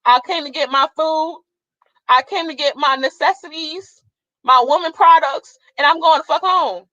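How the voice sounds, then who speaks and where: Young adult woman vlogger, blunt and cursing; bright, sharp tone, a bit muffled lo-fi recording. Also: high voice, moderate pace, no echo. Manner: blunt, profane, fiery. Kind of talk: casual ranting monologue.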